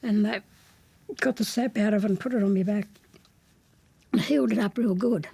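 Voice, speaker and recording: A woman's voice: medium pitch, normal speed, creaky, warm tone, breathy edge. A woman in her seventies with an Australian accent, telling her childhood story in a blunt, plain-spoken way with dry defiance. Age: 70s. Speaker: interviewee recounting her childhood.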